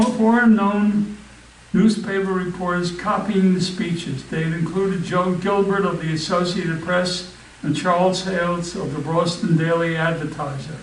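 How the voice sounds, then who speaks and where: Male history club speaker, slow deliberate delivery with stumbles, distant and roomy, faint ambience. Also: high voice, a little hiss or hum. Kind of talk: recited speech and history talk.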